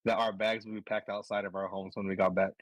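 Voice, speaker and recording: A man's voice: on the low side, little pitch movement, fast, no room sound. A man co-hosting a casual livestream show, joking, laughing a lot, swearing casually. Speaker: podcast co-host.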